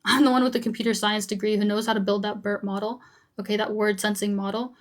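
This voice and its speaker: A woman's voice: medium pitch, flat delivery, fast. A young woman hosting a live debate who talks over the other side with repeated short commands, then speaks frankly to her viewers. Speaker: host and debater.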